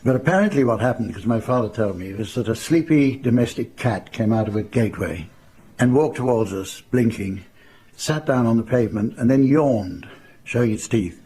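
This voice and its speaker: An older man from England telling wry, dry family anecdotes in an unhurried storytelling style. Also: mid-range voice, mellow, breathy edge. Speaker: raconteur. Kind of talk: anecdotal storytelling to a live audience.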